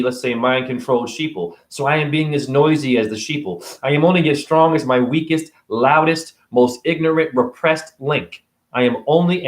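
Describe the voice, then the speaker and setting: Ranting profane man in echoey room. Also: medium pitch. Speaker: vlogger. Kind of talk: spiritual rant to camera.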